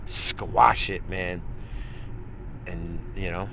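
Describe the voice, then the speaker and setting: A young man swearing and rambling in a late-night solo vlog rant, swinging between shouting and muttering. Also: deep voice, steady tone, very slow, creaky, noisy background. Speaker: vlogger.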